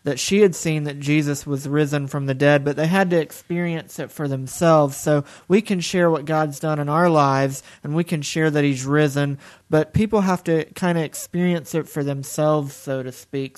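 A young man speaking calmly and plainly, giving his thoughts in conversation. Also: fairly high pitch. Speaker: guest, son of the preacher. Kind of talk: conversational reflection.

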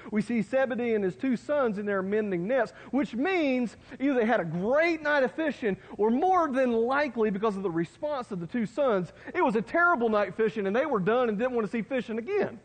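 A man preaching a sermon in a folksy, conversational way, with asides to his listeners. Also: extremely high pitch. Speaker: pastor. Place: church sanctuary. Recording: long hall reverb.

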